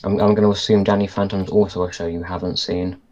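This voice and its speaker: A man's voice: low voice, little pitch movement, fast talker, a little mellow, dull audio. A man co-hosting a casual podcast chat, thinking aloud and restarting his sentences as he goes. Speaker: podcast co-host. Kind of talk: casual chat reviewing a cartoon episode.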